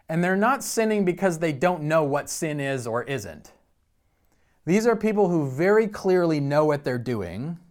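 With a voice on the high side, a male pastor works through a passage in a conversational sermon. His delivery includes stumbles and restarted words, and he slows to emphasize key points.

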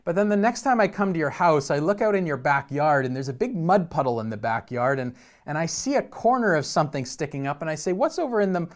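A man's voice: fairly high pitch, expressive, brisk. Man teaching a conversational sermon. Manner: conversational teaching, frequent restarts and repeated words. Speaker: pastor.

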